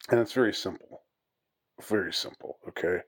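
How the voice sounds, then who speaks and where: A man's voice: deep voice, normal speed, breathy edge. A man giving a rambling, mock-outraged monologue with many fillers and restarts. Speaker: commentator on English usage. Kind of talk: casual monologue.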